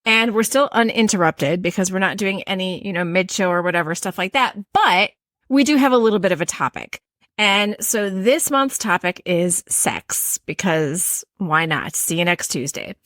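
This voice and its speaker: A woman's voice: medium pitch, lively intonation, moderate pace, fairly bright tone, no echo, studio quality. A middle-aged woman with a Midwestern accent, hosting a casual podcast chat and rambling with many fillers and restarts. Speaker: podcast host.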